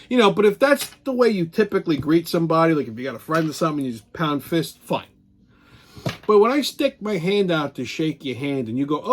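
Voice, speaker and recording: A man hosting a weekly wrap-up show, ranting in crude, profane, mocking commentary that swings between loud outbursts and low grumbling. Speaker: show host.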